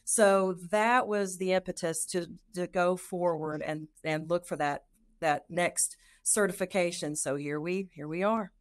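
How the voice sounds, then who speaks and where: A middle-aged woman, a nurse and lactation consultant, telling her career story in an interview, lively and acting out her own past thoughts. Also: fairly low pitch, a little slow.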